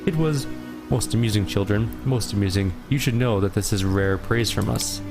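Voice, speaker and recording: A man voicing a playful, ancient fey gnome host in a video game playthrough, speaking in a measured, formal, riddling way. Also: lowish voice, natural voice. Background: game music.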